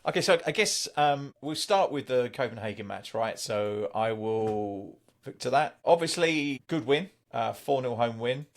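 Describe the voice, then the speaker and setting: A man's voice: medium pitch, animated, unhurried, hardly any pauses. A man hosting a football podcast in a chatty, rambling way that breaks into easy laughs. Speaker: podcast host. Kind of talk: casual podcast chat.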